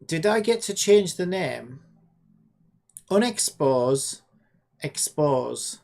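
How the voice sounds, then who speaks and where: A woman's voice: sits low, lively intonation, drawn-out words, gravelly, darkish tone. A woman streaming while she codes a game, chatting casually, exasperated and scolding an AI chatbot with sarcastic swearing. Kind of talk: casual livestream chat while coding.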